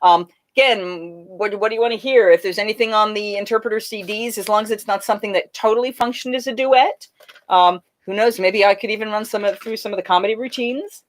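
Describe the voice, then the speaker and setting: A woman's voice: medium pitch, brisk. A woman and renaissance faire singer, singing bawdy folk songs and chatting with viewers on a livestream, reading out their comments between songs.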